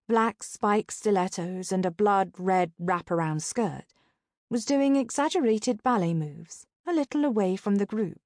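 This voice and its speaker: A woman narrating a first-person novel in a deadpan way, including the narrator's own lines. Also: medium pitch, no room sound, studio quality. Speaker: audiobook narrator.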